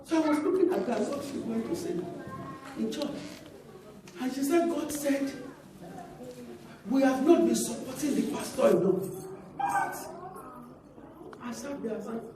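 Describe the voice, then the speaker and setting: A woman pastor with a Nigerian accent delivers an animated sermon, breaking into laughter and sudden exclamations. Her voice sits high, and the mic is set back from her. A heavy echo from the church hall surrounds every word. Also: normal speed, long pauses, far from the mic, crowd noise. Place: church auditorium.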